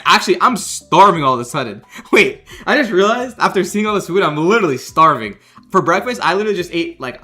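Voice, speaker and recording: A man's voice: fairly high pitch, sharp tone. A young man hosting a livestream as a game developer, chatting casually and jokingly reading out comments. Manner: chatty, jokey, reads chat aloud and rambles.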